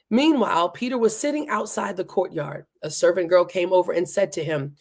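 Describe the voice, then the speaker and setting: A woman's voice: fairly low pitch, fairly quick, hardly any pauses, darkish tone. A woman hosting a Bible reading challenge, reading Scripture aloud and breaking off for casual, chatty commentary. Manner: breaks off to chat and laugh at herself.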